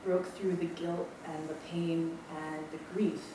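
Unhurried and flat, her fairly low voice carries a personal testimony from a Maui, Hawaii woman in her twenties on campus ministry staff. She talks in a chatty, self-deprecating way, full of ums. The lecture-room audio has echo, background noise, and a mic placed far away.

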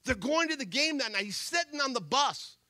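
High, bright-voiced man telling a story on stage. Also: expressive, a little fast, no echo. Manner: punchy, repeats phrases, swings from hushed to loud. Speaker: motivational speaker. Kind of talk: energetic storytelling speech.

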